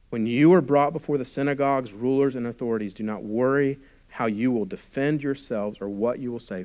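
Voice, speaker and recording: Pastor guy preaching, average pitch, goes quiet n intimate then builds up loud. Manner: preaching with sudden drops to a hushed voice and swells in volume. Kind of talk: sermon.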